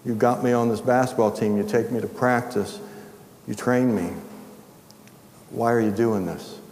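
A man voicing an eager teenage boy student, excited and quick, in an echoey hall. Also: mid-range voice, slight background noise, pitched below the performer's own voice, lightly acted. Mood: earnest.

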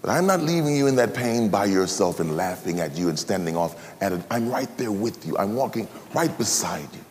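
A man voicing a gentle, sorrowful Jesus who softly comforts a suffering believer, partly in a whisper. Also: fairly low pitch, lively intonation, long reverb tail, a little hiss or hum, close to an everyday voice. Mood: consoling. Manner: soft, slow, consoling. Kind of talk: sermon role-play.

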